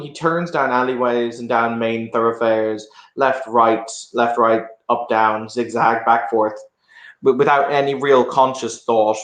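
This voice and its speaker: A man's voice: mid-range voice, a bit bright. Guy narrating his character, wry, rambling, echoey room sound. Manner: rambling, self-correcting, wry. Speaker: player.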